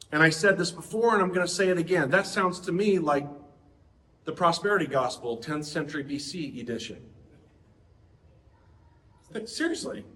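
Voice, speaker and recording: Middle-aged male preacher, conversational sermon, a bit high-pitched, roomy echo. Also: normal speed, pauses often, sharp tone. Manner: conversational, asks the audience questions.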